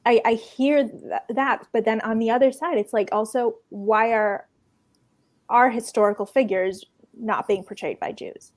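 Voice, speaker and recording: A woman speaking as a panelist in a discussion, earnest and halting, often restarting her sentences. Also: a little high, fairly even intonation.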